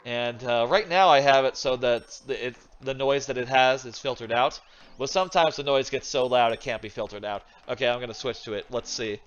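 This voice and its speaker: A man with a mid-range, smooth voice talks a little fast, with faint music behind him. He's a streamer casually commentating a video game from his home desk into a desk microphone, rambling, thinking aloud, and swearing now and then.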